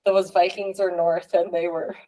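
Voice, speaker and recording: Podcast host, young Canadian woman, low-ish voice, chatty and loose with fillers. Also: little pitch movement, moderate pace, mellow, low-quality recording. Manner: chatty, lots of fillers and laughs. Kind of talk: casual chat.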